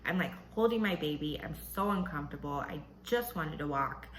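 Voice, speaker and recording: Animated woman podcaster in an echoey room. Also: brisk, a little hiss or hum. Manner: animated, acts out quotes in a high voice, laughs often. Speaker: podcast host. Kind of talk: casual storytelling monologue.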